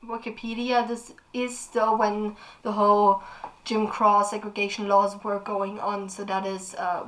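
A woman's voice: mid-range voice, fairly bright tone, low-quality recording. A woman talking through a novel in a casual book review, opinionated and thinking aloud with frequent restarts.

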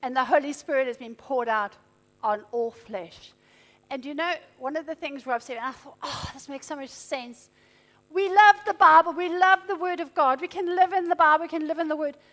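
A middle-aged woman preaching a sermon, emphatic and animated. Her voice swings between loud declarations and hushed, tender passages. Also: high-pitched, a little fast.

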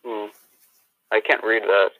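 A man's voice: lowish voice, fairly even intonation, a little slow, dry recording. A young man co-hosting a casual podcast, joking around with goofy remarks. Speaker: podcast co-host. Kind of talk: casual chat. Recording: tinny phone-like sound.

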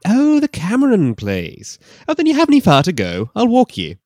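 A man's voice: sits high, huge pitch swings, normal speed, a little mellow, no room sound, clean studio sound, pitched above the performer's own voice, full character voice. Man putting on a stiff police chief. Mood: gallant. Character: middle-aged male Scottish police chief, stiff and gallant.

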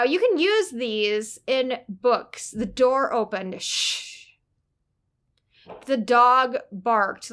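A woman with a somewhat high voice talks through writing tips in a casual lesson. She is chatty and playful and slips jokes into her explanations. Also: a bit bright. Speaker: writing coach. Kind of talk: casual teaching talk on writing.

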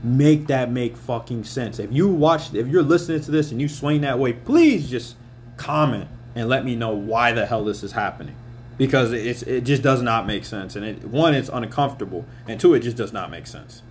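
A man speaks at an ordinary middle pitch in a blunt, profanity-heavy rant, telling his story with a lot of heat. A faint hum sits under the recording. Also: normal speed. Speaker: podcast host. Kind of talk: casual monologue rant.

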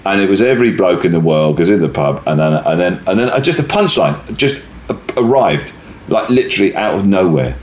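This low-voiced male comedian talks fairly quickly, and the room around him echoes. In conversational interview storytelling, he spins a rambling, animated anecdote, repeatedly breaking off and beginning his sentences over.

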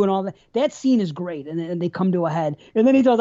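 Profane rambling woman, dark voice. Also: on the low side, animated, fast talker. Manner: profane, rambling, retells scenes at length. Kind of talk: casual film discussion. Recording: slightly muffled recording.

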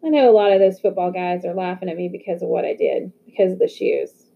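A woman's voice: on the low side, quick pace, gravelly, husky. A woman reading the lines of a grieving, bitter teenage boy in an audiobook. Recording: phone-like narrow audio.

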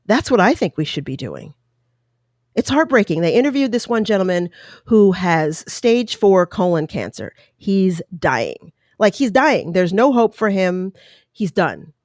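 Woman, impassioned opinion talk, mid pitch, dry close sound. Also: very animated, measured pace, darkish tone, no room sound. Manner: impassioned, indignant, rhetorical. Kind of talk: opinion monologue.

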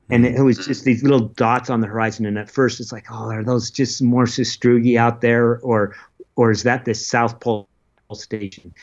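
Earnest, halting man on lo-fi audio. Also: mid-range voice. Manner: earnest, halting, with many restarts and fillers. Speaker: interview guest, polar adventurer. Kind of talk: casual recounting of an expedition.

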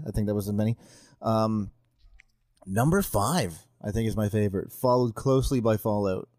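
A man's voice: mid-range voice, a little mellow, dry recording. A man talks casually on a podcast, rambling from one joke to the next and swearing offhandedly. His voice sits in a middle range. The recording is dry and close, with no room sound. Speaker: podcast guest. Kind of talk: casual chat.

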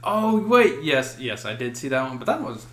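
A man's voice: mid-range voice, sing-song, normal speed, a bit bright. Laid-back man, echoey room. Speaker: podcast co-host. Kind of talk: casual chat.

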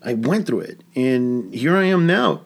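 A man's voice: medium pitch, big pitch swings, measured pace, creaky. A young adult man, a stand-up comedian, telling a rambling story with lots of swearing in casual podcast chat.

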